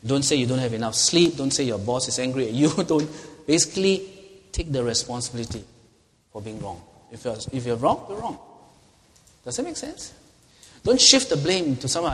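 A middle-aged male pastor preaches in a conversational way, often turning to the congregation with rhetorical questions. His voice sits at an ordinary pitch for a man. It carries a long reverb, as if it was recorded in a church hall. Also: expressive, normal speed. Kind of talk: sermon.

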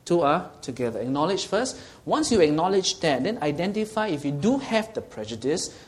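A man's voice: fairly high pitch, very animated, moderate pace. A man preaching a sermon, earnestly teaching and asking his listeners questions. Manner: earnest and teaching, asks the audience questions, often checks with "okay?".

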